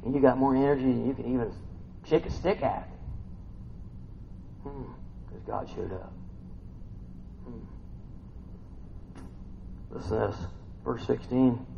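Man, preacher, sermon, gravelly, dramatic swings from hushed to loud, humming pauses, dull lo-fi sound. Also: mid-range voice. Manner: swings from hushed asides to loud exclamations, muses with hums. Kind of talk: sermon reading and expounding scripture. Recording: dull lo-fi recording with faint background noise.

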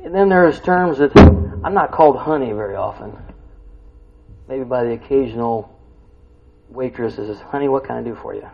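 A middle-aged man preaching a conversational sermon in a folksy way, often asking his listeners questions and rising loud and high when excited. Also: normal speed, creaky, pauses often, a little hiss or hum. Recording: dull lo-fi recording.

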